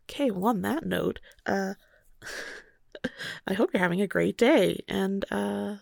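A young woman narrating an intimate first-person story in a soft, hushed voice that often slips into a whisper, then chatting casually with many fillers. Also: mid-range voice, gravelly, no echo, clean studio sound. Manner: chatty and halting with fillers when speaking off-script.

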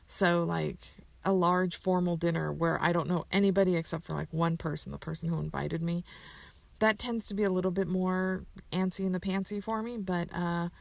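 A woman's voice: on the low side, fairly even intonation, normal speed, creaky, no echo. A woman casually answering a list of questions, rambling with lots of fillers and self-corrections. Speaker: community member answering questions.

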